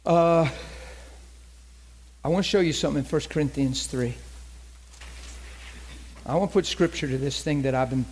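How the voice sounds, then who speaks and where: A middle-aged male preacher with a husky, slightly breathy voice that sits a little high for a man. He tells his sermon as a folksy, conversational story and leans hard on key points. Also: normal speed, long pauses, a little mellow. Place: church meeting.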